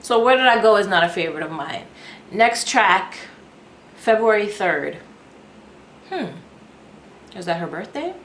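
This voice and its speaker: A woman's voice: medium pitch, sing-song, measured pace, long pauses, a bit bright, slight background noise. Chatty woman reviewing in an echoey room. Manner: candid and chatty, thinks aloud. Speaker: album reaction reviewer. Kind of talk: casual reaction review. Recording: echoey room with music playing.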